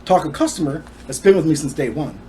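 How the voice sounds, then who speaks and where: A man's voice: on the high side, lively intonation, fast talker, mellow, a little hiss or hum. A man telling his personal story to the camera in an emphatic, indignant way.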